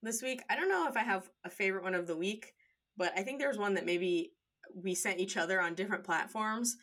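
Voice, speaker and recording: In a brisk, mid-range voice with a fairly bright tone, a woman co-hosts a podcast. The talk is casual and loose, full of fillers like "like," and she breaks into laughter often.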